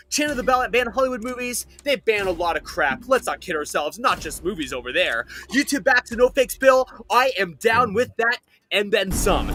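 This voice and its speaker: A male panel guest delivering quick, punchy comedic hot takes. His voice is high and bright, with a tense edge. Faint music plays behind him. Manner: punchy, emphatic quips.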